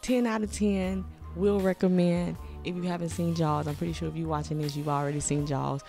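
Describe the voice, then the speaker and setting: A young woman, a movie reaction host who chats excitedly and keeps calling her viewers y'all. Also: fairly low pitch, a little fast, gravelly, soft background music. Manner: exclamatory, addresses viewers as y'all. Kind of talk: excited casual reaction chat. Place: home room.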